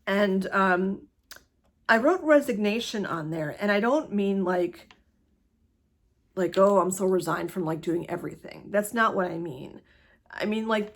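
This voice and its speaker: A woman talking casually to camera in a personal vlog, rambling with lots of fillers and a hurried pace. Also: medium pitch. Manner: rambling, many fillers, laughs often. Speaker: vlogger sharing her cancer journey.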